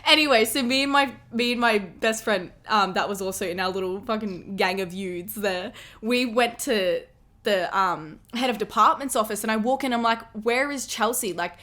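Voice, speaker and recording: Bright young woman recounting a story. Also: medium pitch, normal speed. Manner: animated, acting out quoted lines, swearing. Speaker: guest, host's sister. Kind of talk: casual storytelling chat.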